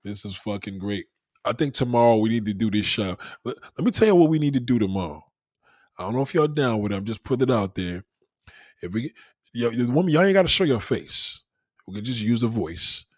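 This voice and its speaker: A man hosting a casual late-night livestream, reacting loudly to chat with profane, laughing banter. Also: mid-range voice, very animated, brisk, no room sound, clean studio sound. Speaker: livestream host.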